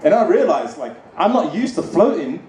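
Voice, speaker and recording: Casting: male comic, higher voice with big swings, roomy club sound, noisy background. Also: normal speed. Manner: animated, conversational storytelling. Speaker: stand-up comedian. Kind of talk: stand-up comedy set. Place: comedy club stage. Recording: echoey club with background noise.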